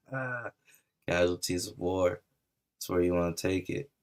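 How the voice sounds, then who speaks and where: A man's voice: sits low, a little slow, clear, resonant tone. A man ranting casually in a taunting, mocking way about an online feud. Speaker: stream commentator. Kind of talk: casual rant.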